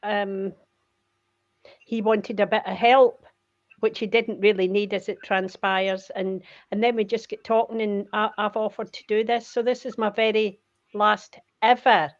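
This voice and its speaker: A woman's voice: mid-range voice, little pitch movement. An older Scottish woman, retired career coach, chatting and telling stories as a guest on a video call. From Scotland. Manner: chatty, storytelling, quick to laugh. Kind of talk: casual chat on a video call. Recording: muffled lo-fi video call audio.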